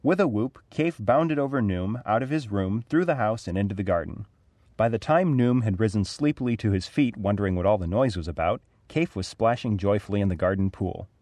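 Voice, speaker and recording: A man reads a storybook aloud in a fairly low voice. His delivery is clear and even. The recording is dry and close. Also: fairly quick, no room sound. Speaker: narrator.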